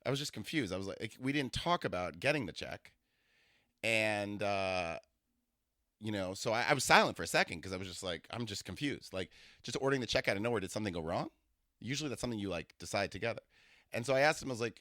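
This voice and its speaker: A man's voice: on the low side, brisk, no echo, clean studio sound. A man hosting a comedy podcast, telling a rambling story with lots of restarts. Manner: rambling, animated, full of fillers and restarts.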